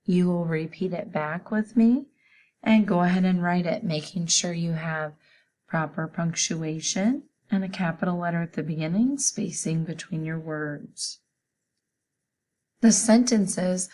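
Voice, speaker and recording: A woman teacher leads a children's spelling lesson, sounding out each letter one at a time. Her voice sits a little low, and she talks very slowly and patiently. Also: darkish tone.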